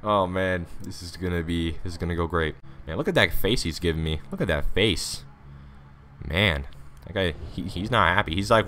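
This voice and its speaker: A man doing excitable, rambling commentary over his own gameplay into a USB desktop microphone at his home computer. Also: low-pitched, brisk, a little hiss or hum. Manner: rambling, excitable, talks to viewers. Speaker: gaming YouTuber.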